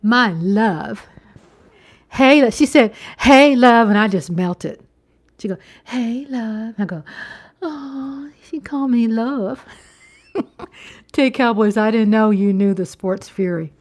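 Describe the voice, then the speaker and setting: A middle-aged woman hosting a casual livestream from home, chatting with viewers, reading their comments aloud, laughing often and sometimes dropping into a hushed whisper. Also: mid-range voice, slow pace, pauses often. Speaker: livestream host. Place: home, at night.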